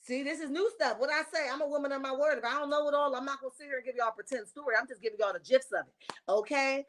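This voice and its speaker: This livestream host gossips about reality TV in a high-pitched, rapid-fire voice, sassy and emphatic as she chats and reads out viewer comments. A little hiss or hum is audible.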